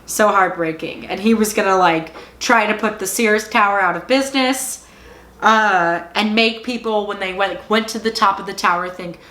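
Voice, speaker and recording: A woman talks through a TV series in a loose, chatty recap. Her speech is full of "like," and she is openly invested. Her voice sits at an ordinary middle pitch and carries a roomy echo. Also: moderate pace, sharp tone. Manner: emotionally invested, exclaiming. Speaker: TV show reviewer. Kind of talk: casual recap and review.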